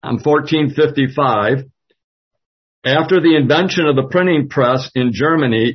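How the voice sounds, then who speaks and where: Man, Bible study leader, halting delivery, husky tone, muffled low-fi recording. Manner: slow and halting, with many fillers. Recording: dull lo-fi audio.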